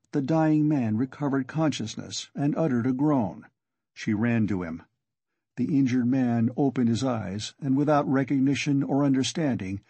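Man reading a classic novel audiobook, mellow husky voice, dry close sound. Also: mid-range voice, no echo. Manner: steady, measured storytelling. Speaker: audiobook narrator.

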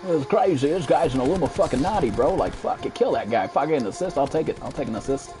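A man in his twenties streams a shooter game, delivering fast, profane, excitable commentary that leaps into high-pitched outbursts. Music plays in the background of this live gameplay session.

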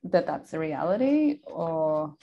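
A woman's voice: lowish voice, very animated, slow pace, creaky, breathy edge, dull audio. An Australian woman, a doctor, interviewing a colleague attentively and asking careful follow-up questions. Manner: attentive, with soft backchannel murmurs.

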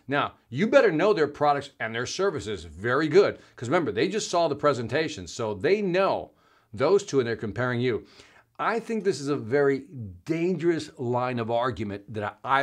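A middle-aged man hosting a live sales stream, reacting to viewer comments in a loose, animated way. He talks in an easy, chatty manner and keeps calling his listeners man and brother. His voice sits in an ordinary middle register. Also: medium pitch. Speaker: host of a live sales show.

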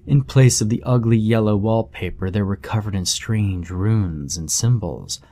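A man narrating a scripted horror story in a measured, somber way. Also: lowish voice, mellow.

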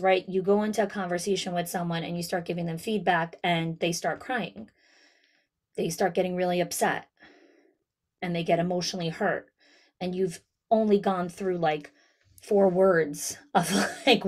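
Lively woman coaching school leaders. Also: fairly low pitch. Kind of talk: webinar talk. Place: online town hall, video call.

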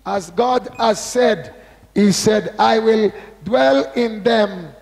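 A man preaching a sermon. He speaks slowly and with emphasis, asks the congregation to repeat key words, and reads scripture with drawn-out stress. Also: high voice, gravelly, darkish tone, big-room sound, a little hiss or hum. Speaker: pastor. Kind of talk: sermon with call-and-response.

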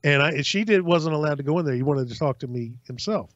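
A man casually telling a long personal story on a podcast, acting out other people's lines in an animated way. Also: a little high, fast talker, dry recording. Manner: animated, acts out voices in anecdotes. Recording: dry, slightly dull sound.

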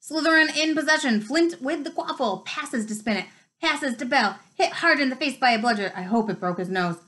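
A woman voicing an excitable teenage boy commentating on a match, loud and drawn out. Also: high voice, normal speed, voice pushed up. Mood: excited.

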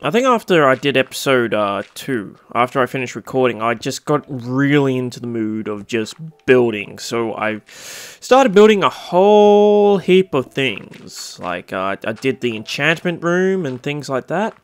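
A man's voice: moderate pace, few pauses, clear, resonant tone. Rambling young gamer guy. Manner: rambling, excitable, bursts into squeaky cutesy voices. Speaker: Minecraft let's-play host. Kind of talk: casual gameplay commentary.

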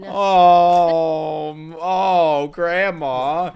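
A man hosting an anime reaction video, talking excitedly in profane, joking asides as he watches. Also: fairly high pitch, drawn-out words, vocal fry. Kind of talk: live reaction commentary. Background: faint anime soundtrack.

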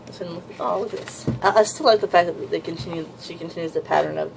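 A woman talks her way through a new manga volume at home, rambling and breaking into excited gushing. Her voice has a gravelly fry and a slightly sore throat. A faint hiss sits behind her. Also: fairly low pitch, quick pace, poor audio. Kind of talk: casual unboxing chat.

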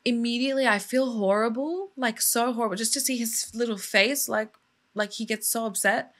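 A woman's voice: on the high side, normal speed, a bit bright. A woman, a mother in her thirties or younger, telling a sad true crime story in a casual vlog, emotional and indignant as she talks it through.

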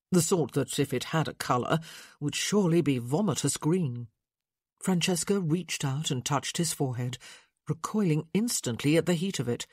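A woman narrating a historical romance audiobook in an expressive, measured storytelling manner. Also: deep voice, breathy edge, no room sound, studio quality.

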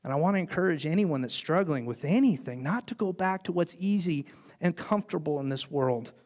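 A man preaching a sermon as pastor, telling the story in an animated way and briefly acting out the voices of the people in it. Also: a little high, brisk. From United States.

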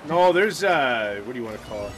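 A man's voice: mid-range voice, big pitch swings, fairly bright tone. A man from Canada chatting and teasing friends during a game. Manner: teasing, quick comebacks. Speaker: co-player. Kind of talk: casual gaming chat.

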